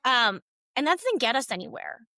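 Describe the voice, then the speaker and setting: A woman's voice: a little high, big pitch swings, normal speed, bright, forceful tone, no room sound. A woman co-hosting a casual podcast, talking earnestly and emphatically, with frequent "like" fillers. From Cuban family background. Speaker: podcast co-host.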